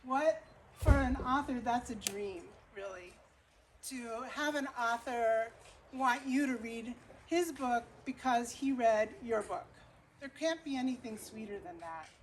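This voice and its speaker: A middle-aged woman speaks earnestly about her book, with a preacherly, lecturing cadence. Her voice sits a little high for a woman. Steady background noise is audible throughout the recording. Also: a little slow, rough recording. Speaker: author giving a book talk. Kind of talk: lecture-style book talk. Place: bookstore event room.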